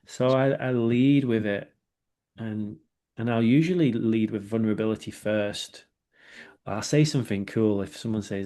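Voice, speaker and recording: A man's voice: fairly low pitch, steady tone, moderate pace, warm tone. Reflective man in candid chat. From England. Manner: reflective, with many filler words and rhetorical 'right?'. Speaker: guest. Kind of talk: candid conversational interview.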